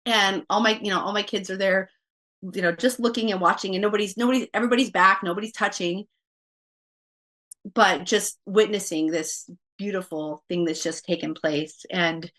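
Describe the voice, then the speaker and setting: A woman speaking as a podcast guest in a casual, storytelling way. She talks at a medium pitch, fills her sentences with "like" and "you know", and lifts her voice when she quotes her own thoughts. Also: bright, forceful tone.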